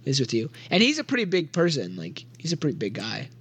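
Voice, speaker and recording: A young man narrates as game master of a tabletop role-playing game, giggling and rambling with plenty of fillers, especially "like." He talks briskly at medium pitch, his pitch swooping wildly, with a fairly bright, husky tone.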